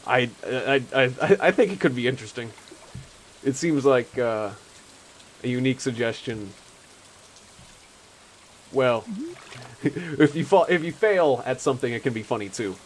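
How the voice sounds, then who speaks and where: A man's voice: medium pitch, lively intonation, measured pace, pauses often, slight background noise, poor audio. A young man streaming a game, chatting casually, rambling and laughing often. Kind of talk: casual chat while playing a game.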